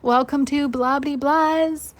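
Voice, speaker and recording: Woman doing a bubbly over-friendly waitress, chirpy and highish. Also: steady tone, takes it slowly. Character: bubbly eager young female waitress.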